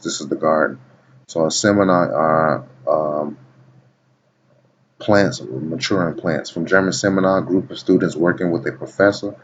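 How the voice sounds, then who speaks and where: A man reading dictionary entries aloud in a casual video, stopping often to tell the listener to watch and keep listening. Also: low voice. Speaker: video blogger. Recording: dull lo-fi recording with faint background noise.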